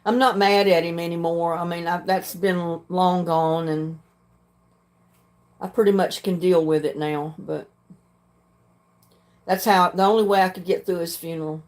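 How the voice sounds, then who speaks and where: Older woman, livestream host, plain frank talk, frequent throat-clearing. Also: on the low side, steady tone, unhurried, long pauses, darkish tone. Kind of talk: casual chat reading viewer comments.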